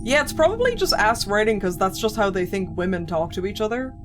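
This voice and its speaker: A woman's voice: medium pitch, very animated, brisk. A woman streaming a game, griping with sarcastic, profane commentary. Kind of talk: let's play commentary. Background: game music.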